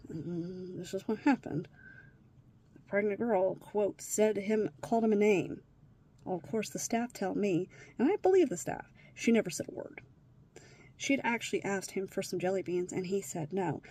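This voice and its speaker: A woman's voice: mid-range voice, normal speed, warm tone. A woman talking to her phone on a hard day, upset, sighing and swearing, often dropping to a whisper. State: distressed. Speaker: vlogger. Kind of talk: emotional personal vlog.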